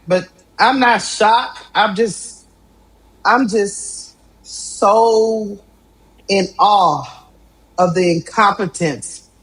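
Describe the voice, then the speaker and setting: A middle-aged woman hosting a live sports talk stream, animated and exclamatory, laughing often. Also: on the low side, husky, low-quality recording. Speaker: sports talk show host.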